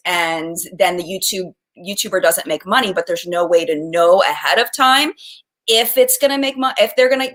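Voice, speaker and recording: A woman's voice: fairly low pitch, fairly bright tone. A woman hosting a casual live chat, asking questions and explaining things for viewers. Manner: explanatory, affirming with frequent yeahs. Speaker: host.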